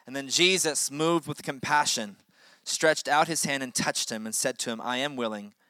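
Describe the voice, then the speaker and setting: A man's voice: a little high, normal speed, bright, forceful tone, dry recording, studio quality. A man preaching a sermon as pastor, with impassioned delivery that swells and drops for emphasis.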